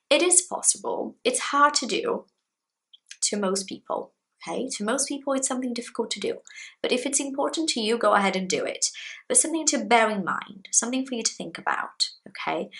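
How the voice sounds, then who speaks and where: Animated woman teaching English. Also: poor audio. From Brazil. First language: Portuguese. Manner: chatty, animated emphasis with pitch jumps. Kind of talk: casual video lesson to camera.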